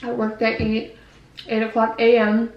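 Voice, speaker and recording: A woman's voice: a little high, monotone, echoey room, muffled recording. A young woman vlogger chatting casually while eating, rambling and correcting herself as she goes. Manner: rambling, self-correcting, says she talks fast. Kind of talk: casual mukbang chat. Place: quiet room at home.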